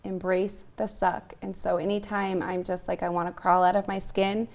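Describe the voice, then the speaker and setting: Woman, middle-aged, gravelly fry, earnest, candid, casual interview guest. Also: mid-range voice, flat delivery, moderate pace. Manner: earnest, candid, with frequent ums. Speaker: podcast guest, author in recovery.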